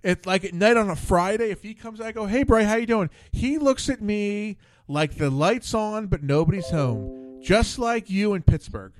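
A man's voice: sits high, expressive, normal speed, no echo, faint music behind. A man hosting a casual talk show, telling rambling, profane stories with many restarts. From Philadelphia area. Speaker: podcast host. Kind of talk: casual chat.

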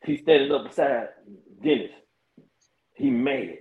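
Brief: male barber, lively voice, relaxed storyteller, roomy echo. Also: mid-range voice, measured pace, phone-quality sound. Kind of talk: casual storytelling.

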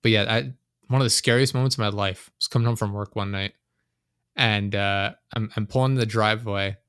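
A man's voice: on the low side, steady tone, fairly quick, a bit bright, smooth, dry recording, studio quality. Rambling, swearing young man telling stories. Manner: rambling storyteller, swears a lot, laughs often. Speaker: podcast host. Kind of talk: casual chat.

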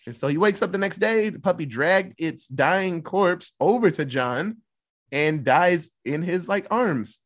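A man with a somewhat high voice talks through a film's plot in a relaxed, casual way. He swears freely and keeps the story moving in a loose, chatty flow. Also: unhurried. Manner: loose, profane storytelling with acted-out quotes. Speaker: podcast co-host. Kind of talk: casual movie recap.

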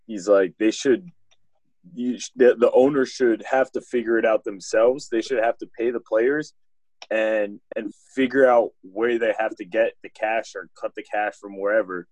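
Laid-back young man, low voice. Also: fairly even intonation, moderate pace, a little mellow, dry recording, low-quality recording. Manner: laid-back, short agreeing remarks. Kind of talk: casual sports chat.

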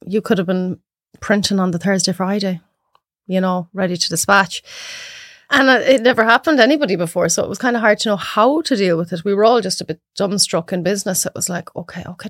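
A woman's voice: medium pitch, fast talker, dry recording. Irish woman chatting as a guest, acts out what people said, dry close sound. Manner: animated storyteller acting out quotes. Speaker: podcast guest. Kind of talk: casual chat.

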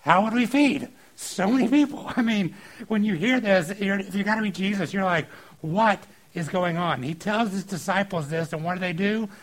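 Guy preaching, slightly high voice, chatty, lots of likes and acted-out bits. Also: rough recording. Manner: informal and animated, acting out quotes with filler likes. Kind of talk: casual sermon on a scripture reading.

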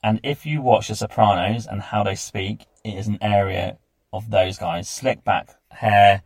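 His lowish, creaky voice stays fairly even in intonation and unhurried, with no echo in the recording. The man hosts a travel podcast, narrating his trip as a casual diary and listing things off with chatty enthusiasm.

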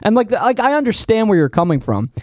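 A man's voice: sits high, sing-song, a little fast, no room sound, clean studio sound. A young man co-hosting a podcast in casual chat, rambling with many likes and restarts. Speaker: podcast co-host.

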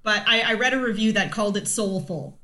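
A young adult woman co-hosting a podcast in casual chat, emotional and gushing and quick to laugh. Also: medium pitch, bright, forceful tone. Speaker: podcast co-host.

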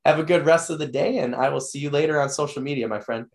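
A podcast host with a fairly high voice and quick pace wraps up a casual interview. He's enthusiastic and rambles with lots of fillers, and he is losing his voice.

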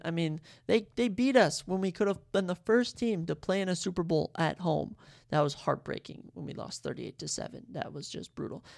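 Excitable podcast host with some vocal fry, talking sports picks casually with rambling self-corrections. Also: medium pitch. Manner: excitable, fired-up fan talk.

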